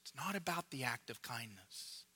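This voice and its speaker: A man preaching a sermon in a measured, emphatic way, dropping to a hush to drive points home. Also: mid-range voice, very animated, slightly rough.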